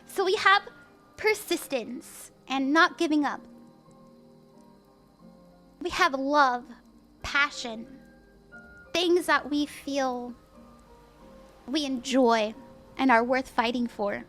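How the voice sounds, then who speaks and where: A young woman reading tarot on a live stream, gentle and reassuring, laughing easily. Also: sits high, slow, long pauses, faint music behind. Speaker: tarot reader.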